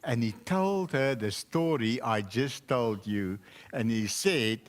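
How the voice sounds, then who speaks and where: A man's voice: mid-range voice, takes it slowly. A man, a pastor, telling a children's story in church and asking the children questions. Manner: animated, asks the children questions.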